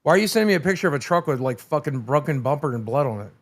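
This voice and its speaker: A man's voice: a little high, animated, very fast. A man co-hosting a live stream, talking casually, emotional and profane, short on sleep. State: sleep-deprived. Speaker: streamer co-host.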